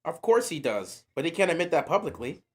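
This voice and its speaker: A man's voice: on the high side, big pitch swings, brisk. A man hosting a live stream, calling a football game play by play and ranting at it in slangy, exasperated bursts. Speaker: livestream host. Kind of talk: live game watch-along commentary.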